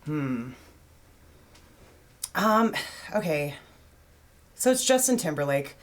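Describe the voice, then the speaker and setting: A woman's voice: low-pitched, takes it slowly. A woman in her thirties, co-hosting a casual podcast chat and acting out quotes in playful voices. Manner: animated, acts out quotes in silly voices. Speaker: podcast co-host.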